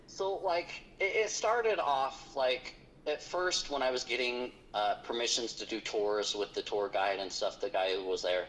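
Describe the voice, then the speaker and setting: A man's voice: mid-range voice, measured pace, few pauses, a bit bright, a little hiss or hum, low-quality recording. A man, a paranormal investigator, telling a story in casual conversation, rambling with lots of fillers.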